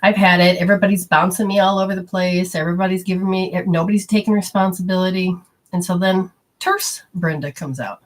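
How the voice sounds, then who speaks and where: A middle-aged woman with a low, husky voice talks in a loose, rambling way. She hosts a spiritual talk show and slips into little acted-out voices when she quotes people. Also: steady tone, brisk. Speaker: spiritual radio host. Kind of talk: casual spoken talk.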